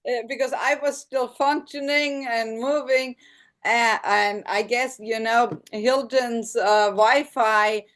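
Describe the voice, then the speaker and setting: A woman's voice: on the high side, steady tone, slow. Chatty woman on a video call. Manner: chatty, hesitant fillers, gentle. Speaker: guest. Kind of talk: casual video call chat.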